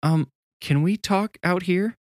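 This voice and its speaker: A man's voice: medium pitch, animated, a little fast, no echo, clean studio sound, voice pushed up, natural voice. A man voicing a nervous, polite teenage girl babysitter who stammers and hesitates. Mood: uneasy. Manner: flustered, hesitant.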